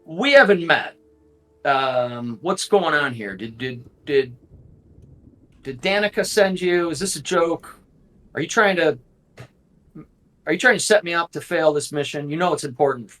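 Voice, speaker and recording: A man's voice: medium pitch, big pitch swings, moderate pace, sharp tone. A man voicing a nervous young errand runner in a tabletop game, rambling and flustered. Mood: anxious. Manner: jittery, rambling.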